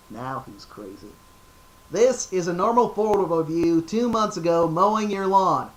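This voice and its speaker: A man's voice: sits high, rough recording. A man voicing a paranoid cartoon neighbor who talks in a nasal, twitchy, conspiratorial way.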